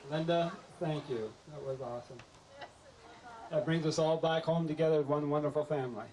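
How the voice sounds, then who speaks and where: A man's voice: on the high side, steady tone, fairly quick, darkish tone, slight background noise, poor audio. A man acting as master of ceremonies, thanking one speaker and introducing the next in an upbeat, announcing way. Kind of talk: event emcee introductions.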